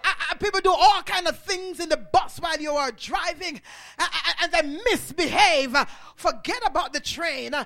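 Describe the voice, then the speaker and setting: A man preaching a sermon, swelling into shouted, rhythmic phrases punctuated by "uh" and calling on the congregation to respond. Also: very high voice, normal speed, vocal fry.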